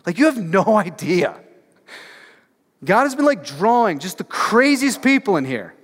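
This pastor's voice sits high, fairly bright and slightly rough, very animated yet measured in pace. He preaches in a church sanctuary in a casual, chatty way, leaning on filler words and forceful rhetorical questions to the congregation, with long hall reverb around him.

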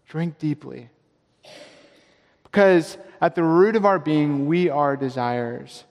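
A man preaching a sermon with emphatic delivery, repeating his key lines slowly for weight. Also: on the high side, a little mellow. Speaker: pastor. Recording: long reverb of a large hall.

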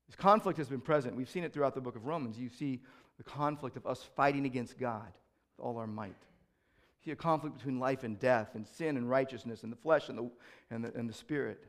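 In his sermon, a man serving as pastor leans on repeated key phrases and rhetorical questions, moving between booming proclamations and softer reflections. His mid-range voice moves fairly quickly.

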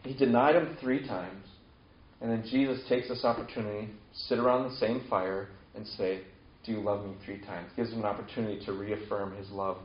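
A man's voice: fairly low pitch, steady tone, moderate pace. A man preaching a casual sermon, retelling scripture in a conversational way and acting out the quoted lines. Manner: conversational, acts out quoted lines with sudden lifts. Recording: echoey, dull lo-fi room sound.

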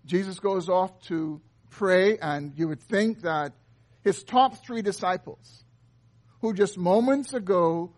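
A man preaching an earnest expository sermon, reading and explaining scripture. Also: high voice. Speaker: pastor.

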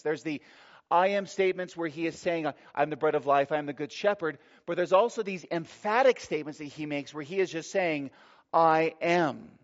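A man preaching a sermon with emphasis, slowing down and stressing words as he reads and explains scripture. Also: a little high. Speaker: pastor. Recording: dull lo-fi sermon recording.

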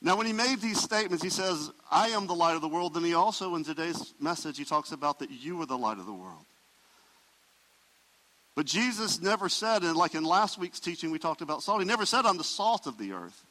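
A male pastor delivers his sermon with emphatic swells and hushed drops. His voice sits a little high and sounds bright and forceful. A long reverb trails after his words, as in a large sanctuary. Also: sing-song, a little fast.

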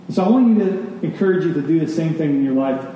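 Guy preaching, punchy stressed words, kinda high voice, picked up from across a reverby church. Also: lively intonation, fast, highs cut off, a little hiss or hum. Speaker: pastor. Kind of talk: sermon. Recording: echoey hall, distant mic.

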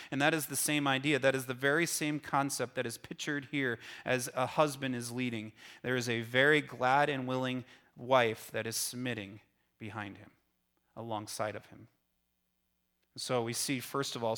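A man's voice: mid-range voice, sharp tone. A middle-aged male pastor preaching a sermon, earnestly explaining a passage and often repeating his words as he goes.

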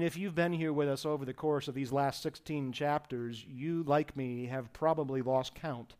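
A male pastor preaching an expository sermon to his congregation, rising to loud emphasis and dropping to a hushed, tender tone. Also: on the high side.

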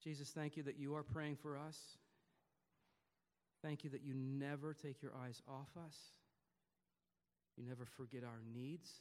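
A man preaching a sermon to his congregation, rising to loud emphatic peaks and dropping to quiet, hushed passages. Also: mid-range voice, flat delivery, measured pace, pauses often, big-room sound. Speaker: pastor. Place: church service before a congregation.

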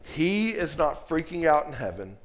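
A man preaching a sermon, moving from loud, emphatic lines to soft, low passages. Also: sing-song, moderate pace. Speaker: pastor.

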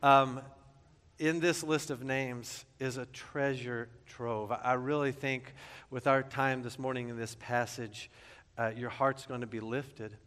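A man's voice: mid-range voice, fairly even intonation, unhurried, a bit bright, clear, resonant tone, big-room sound. A man preaching a sermon as pastor, conversational and joking, sometimes stumbling and repeating words.

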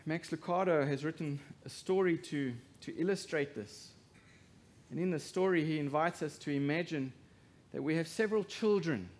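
With a fairly high-pitched voice, a man preaches as pastor, alternating soft and emphatic loud moments and asking the congregation rhetorical questions.

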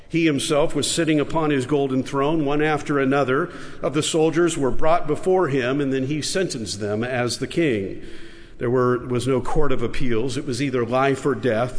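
A man, a pastor, preaching a sermon and telling a story with emphasis, in a large church sanctuary. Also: medium pitch. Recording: echoey large church hall.

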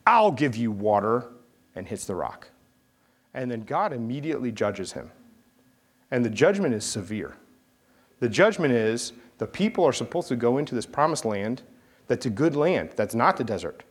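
A man's voice: medium pitch, big pitch swings, moderate pace, slightly rough. A man preaching, reading scripture aloud and explaining it, often asking his listeners questions. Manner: conversational, asks the listeners questions.

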